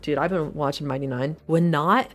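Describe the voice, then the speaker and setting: A woman's voice: sits low, moderate pace. A young adult woman streamer giving casual, blunt, joking commentary while playing a game, swearing freely.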